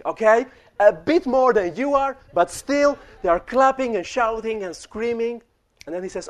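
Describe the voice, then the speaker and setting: Young male preacher, high tenor, chatty sermon storytelling that speaks straight to the room. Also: expressive, normal speed. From refugee childhood in the Netherlands. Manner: storytelling, addresses the congregation directly.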